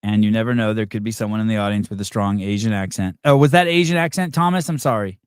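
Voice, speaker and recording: A man's voice: fairly low pitch, fast talker, smooth, dry recording, clean studio sound. A man hosting a live call-in podcast, rambling in a sarcastic, profane way. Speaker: podcast host.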